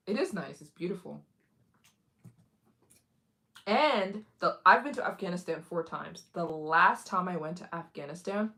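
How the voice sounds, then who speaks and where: Chatty, giggly woman live-streaming. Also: lowish voice. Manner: animated, giggly, acts out other people's lines in voices; chatty, addresses viewers directly. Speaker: travel vlogger, live stream host. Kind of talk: casual live-stream chat.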